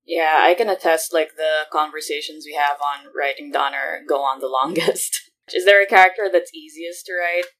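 A woman's voice: sits low, moderate pace, few pauses, fairly bright tone. A woman co-host reading fan questions in a light, upbeat way on a video call. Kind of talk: casual cast Q&A on a video call. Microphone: video call mic.

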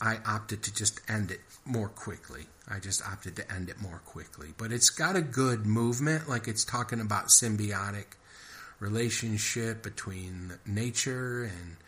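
A man's voice: fairly low pitch, a bit bright. A man hosting his own podcast, reading a short story and then rambling casually, thinking aloud and repeating himself. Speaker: podcast host and writer.

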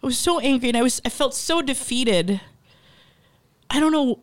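Emotional woman, slightly high voice. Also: lively intonation, moderate pace. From Philippines. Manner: raw and emotional, swears freely, laughs through tears. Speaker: podcast co-host. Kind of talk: candid personal storytelling.

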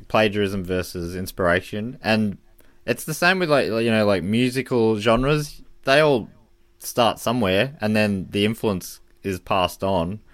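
A man with a fairly low voice chats casually on a podcast, thinking aloud with plenty of fillers. The sound is dry and close. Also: no room sound. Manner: musing, rambling with fillers. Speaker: podcast co-host. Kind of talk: casual chat.

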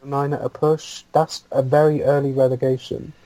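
Casting: man, podcast co-host, hesitant and chatty, ordinary mid pitch. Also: little pitch movement, moderate pace, dark tone, low-quality recording. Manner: hesitant, repeats words, makes puns. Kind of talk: casual chat.

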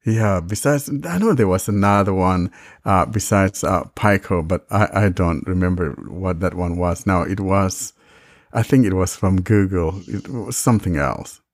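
Low-voiced man hosting casual tech chat. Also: moderate pace, no echo, clean studio sound. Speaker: podcast host demonstrating software.

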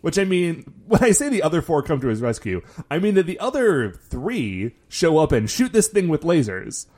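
A man casually recapping a show with a co-host, animated and acting out quotes, with lots of filler words. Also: on the high side, normal speed. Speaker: podcast co-host.

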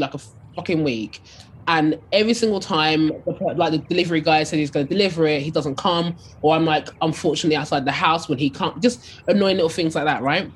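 A young woman from England with an Essex accent, a DJ and radio host telling stories in a casual, animated way, full of fillers. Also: low voice, breathy edge. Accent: Essex English. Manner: animated, chatty, many fillers like "like". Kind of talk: casual storytelling interview.

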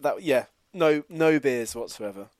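A man's voice: mid-range voice, lively intonation, a little slow, background noise. A man co-hosting a casual sports podcast, wry and self-mocking in his banter. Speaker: podcast co-host.

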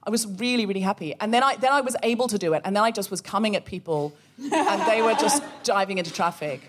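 A woman co-hosting a live comedy podcast, telling a story with animated energy and acting out the voices of the people in it. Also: mid-range voice, fast, very noisy. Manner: animated, acts out quoted voices. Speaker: podcast co-host. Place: live theatre show.

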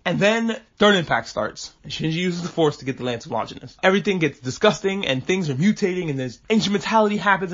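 A man hosting a podcast, recapping an anime film in casual, animated talk and briefly acting out characters' lines. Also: on the high side, breathy edge. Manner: animated, acts out characters' lines in quick asides, swears casually. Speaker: podcast host. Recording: dull lo-fi podcast audio.

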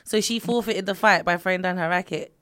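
A woman's voice: lowish voice, a little fast, fairly bright tone. Joking woman cohost, blunt, snappy little reactions. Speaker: co-host. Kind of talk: casual chat.

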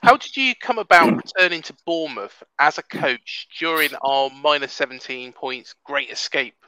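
Bright-voiced male interviewer. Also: a little high, lively intonation, moderate pace, clean tone, poor audio. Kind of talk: podcast interview questions.

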